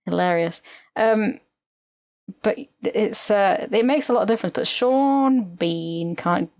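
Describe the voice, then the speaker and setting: A woman's voice: medium pitch, slow, no echo, studio quality. A woman co-hosting a podcast, rambling through anecdotes in casual chat. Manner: rambling, animated storytelling with mock impressions. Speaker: podcast co-host.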